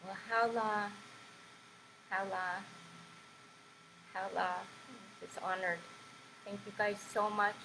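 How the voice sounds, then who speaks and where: A woman hosting an online qigong class, calmly inviting final words and thanking the group. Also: mid-range voice, takes it slowly, long pauses, noisy background. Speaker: qigong class teacher and host. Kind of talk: closing a group session. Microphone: video call.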